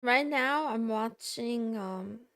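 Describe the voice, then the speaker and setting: A young woman streamer chats casually and playfully while she eats. Her fairly high voice is gravelly with vocal fry, and she speaks slowly in a dry, close recording. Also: fairly bright tone, dry recording. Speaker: VTuber streamer.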